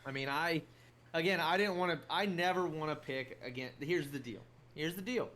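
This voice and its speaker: A man co-hosting a sports podcast, chatting casually in an animated, argumentative way, often repeating himself. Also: a little high, moderate pace. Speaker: podcast co-host. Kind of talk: casual chat.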